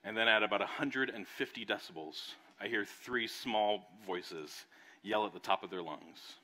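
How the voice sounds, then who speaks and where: During a church service, a young adult pastor preaches a sermon and tells a personal story, acting out the voices in an animated way. His voice sits lowish, and he speaks at a moderate pace.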